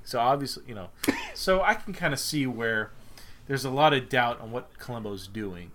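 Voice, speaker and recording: Bright-voiced man co-hosting a podcast. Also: mid-range voice, lively intonation, normal speed. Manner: loose and rambling, many fillers and restarts. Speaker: podcast co-host. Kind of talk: casual chat.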